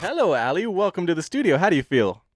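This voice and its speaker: A man's voice: a little high, very animated, fast, heavy background noise. A man walking through a product demo in an upbeat, playfully boastful way, recorded in a studio. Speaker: tech reviewer. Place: home studio.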